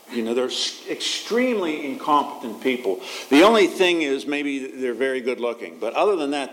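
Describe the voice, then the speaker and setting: A man, a pastor, giving a conversational sermon with asides and restarts. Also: medium pitch.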